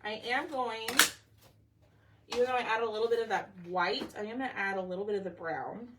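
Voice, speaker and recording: A woman's voice: mid-range voice, brisk, a bit bright, a little hiss or hum. A woman hosting a casual craft tutorial livestream, chatting with her viewers and her pets while she works.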